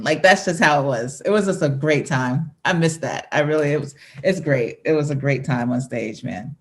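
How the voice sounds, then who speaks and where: A woman's voice: deep voice, moderate pace, few pauses. A woman in her thirties, a singer talking as an interview guest, reminiscing casually, laughing often and restarting her sentences.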